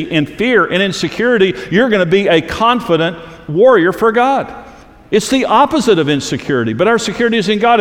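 Guy preaching in church, repeats himself for emphasis, voice a bit high, echoey hall. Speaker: pastor. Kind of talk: sermon.

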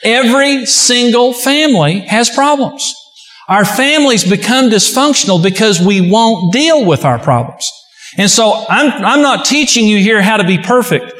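A man's voice: high voice, fairly bright tone. A man preaching a sermon as a pastor, telling folksy stories with humor. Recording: echoey hall.

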